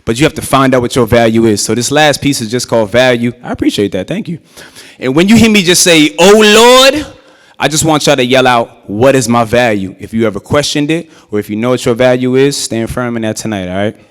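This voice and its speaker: A young adult man performing spoken word live in a church, moving from conversational storytelling into chanted, shouted verse. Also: mid-range voice, quick pace. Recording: echoey church hall.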